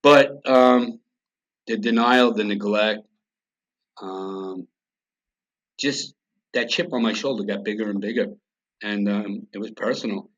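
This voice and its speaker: A man's voice: fairly low pitch, takes it slowly, pauses often, fairly bright tone. A middle-aged man from the United States, a podcast guest telling a personal story in a blunt, profane, emotional way. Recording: dull lo-fi sound.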